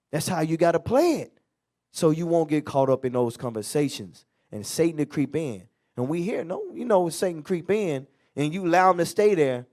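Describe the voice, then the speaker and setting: A man's voice: a little high, animated, moderate pace, a little mellow. A man leading a Bible class in a loose, conversational preaching manner, acting out everyday quotes. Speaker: teacher. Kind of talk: street-style Bible class teaching.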